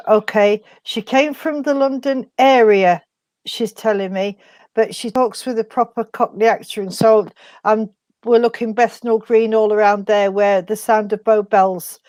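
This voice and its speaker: Higher-voiced woman medium, dry sound. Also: darkish tone, no echo. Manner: halting, with many fillers and restarts. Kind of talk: spiritualist demonstration.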